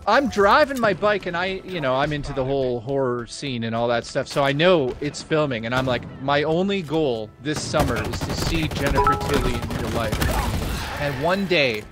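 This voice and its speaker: A man streaming a game who reads out donations and tells animated stories in casual chat, swearing freely. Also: mid-range voice, moderate pace. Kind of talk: casual chat while gaming. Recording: game music loud underneath.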